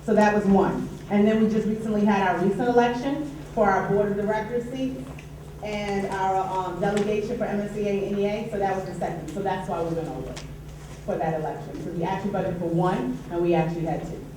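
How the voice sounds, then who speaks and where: A woman's voice: medium pitch, quick pace. New York woman reporting in an echoey hall. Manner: upbeat, animated when announcing. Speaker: union treasurer and committee chair. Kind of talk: meeting report. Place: large meeting hall. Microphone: distant from the recorder. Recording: echoey hall from far off, background noise.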